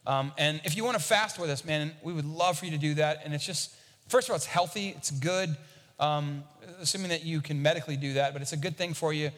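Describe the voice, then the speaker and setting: A man's voice: on the high side, fairly quick, a bit bright, big-room sound. A man preaching a sermon as a pastor, talking conversationally and often repeating a word as he starts a thought.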